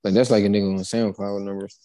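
A young man in casual chat, speaking in relaxed slang, stalling with fillers as he thinks. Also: on the low side, fast, no room sound, rough recording.

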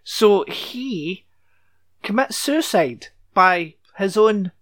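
A man's voice: sits high, lively intonation, extremely slow, fairly bright tone, no room sound, studio quality. A man hosting a podcast, recapping a TV episode in casual chat with sarcastic asides and casual swearing.

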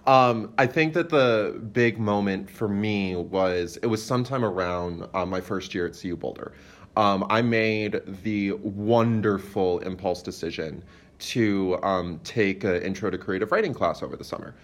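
A man's voice: lowish voice, moderate pace. A young adult man, a playwright guest on a podcast, talking casually and rambling with lots of "like" and "um". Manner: rambling, many fillers, lots of "like". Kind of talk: casual interview chat.

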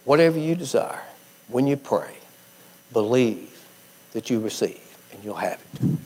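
A man preaching a sermon in a folksy, conversational way, quoting scripture and swinging between high emphatic bursts and low quiet drops. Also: expressive, measured pace, slightly rough.

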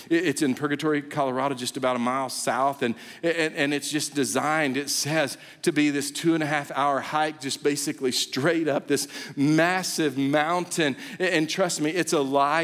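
Animated pastor in an echoing hall. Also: male voice, on the high side. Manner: animated storytelling, acts out a baby's voice. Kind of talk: sermon.

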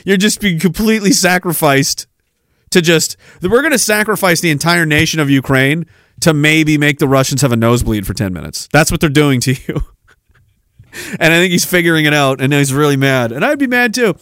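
A man's voice: a little high, animated, brisk, fairly bright tone, no room sound, studio quality. A man hosting a podcast, ranting in a sarcastic, profane way. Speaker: podcast host. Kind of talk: political rant podcast.

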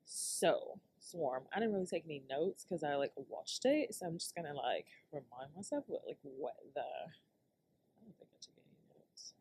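A woman's voice: deep voice, animated, normal speed, a little mellow, husky. Laid-back woman ranting on her podcast. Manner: loose, laughing, profane, talks straight to listeners. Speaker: podcast host. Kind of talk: casual solo rant.

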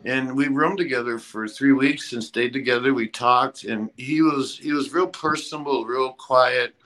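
A man who used to wrestle, telling road stories in a casual interview, halting and rambling with lots of fillers and blunt swearing. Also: medium pitch, fairly bright tone, low-quality recording. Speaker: former pro wrestler guest.

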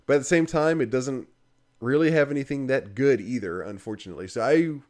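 There's a little hiss or hum as a man talks fairly quickly in a medium-pitched, slightly mellow voice. He's casually reviewing a game, rambling with heavy fillers and frequent laughs, his take dry and critical.

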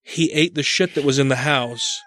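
A man telling a story in casual chat, animated and profane, acting out his own panicked voice in a home studio. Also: on the high side, moderate pace.

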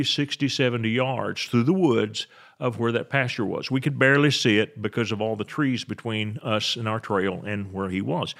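Older guy preaching, lowish voice, reads the verses then breaks them down, stumbles and restarts a bit. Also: vocal fry, fairly bright tone. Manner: earnest, reads scripture aloud then explains it plainly. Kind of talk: sermon.

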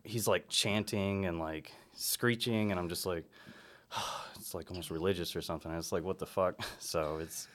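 A man's voice: deep voice, fairly even intonation, moderate pace, fairly bright tone. A man in casual chat as a podcast guest, laid-back and rambling, swearing freely. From Arkansas, US. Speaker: podcast guest, black metal musician.

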